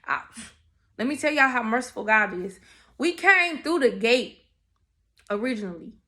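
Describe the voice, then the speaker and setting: A young woman telling her testimony in casual, animated storytelling, talking straight to her viewers. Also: fairly high pitch, moderate pace. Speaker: testimony speaker.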